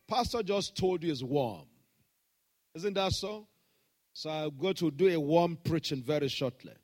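A middle-aged man preaching a sermon, swinging between shouted proclamations and hushed storytelling. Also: fairly high pitch, moderate pace. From Nigeria. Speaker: pastor.

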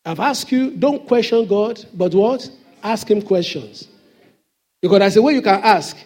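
A man's voice: high-pitched, animated, measured pace, a little mellow. A man preaching a sermon as pastor in a church, with emphatic call-and-response questions to the congregation.

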